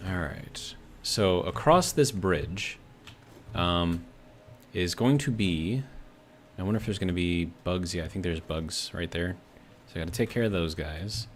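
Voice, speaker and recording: A low-pitched American man streams a video game at a measured pace, casually commenting and reading chat while rambling with many fillers. There's a little hiss or hum on the recording.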